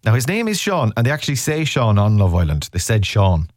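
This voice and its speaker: A man's voice: fairly low pitch, big pitch swings, fairly quick, darkish tone, dry recording, clean studio sound. A middle-aged Irish man hosting a radio show, chatting playfully and slipping into comic voices. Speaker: radio host. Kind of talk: casual radio chat.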